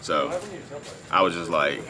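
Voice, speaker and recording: A man's voice: deep voice, fairly even intonation, measured pace, crowd noise. A man filming a casual vlog at a beach, talking through his feelings in a rambling, repetitive way and often asking "you know what I mean". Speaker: vlogger discussing his own narcissism. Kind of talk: casual unscripted monologue. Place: outdoors at a beach. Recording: outdoor ambience with passing traffic.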